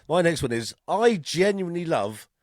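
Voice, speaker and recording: A man's voice: fairly high pitch, sing-song, moderate pace, no room sound, clean studio sound. An English man co-hosting a podcast, chatting casually, laughing often and swearing freely. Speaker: podcast co-host. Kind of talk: casual chat.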